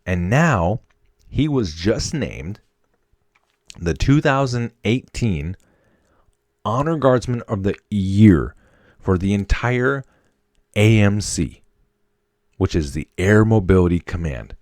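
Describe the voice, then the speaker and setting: Deep-voiced lively podcast host, man. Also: takes it slowly, pauses often, dry recording, studio quality. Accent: faint Upper Midwest. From Wisconsin, USA. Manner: slangy, excitable, chummy. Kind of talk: casual solo podcast chat.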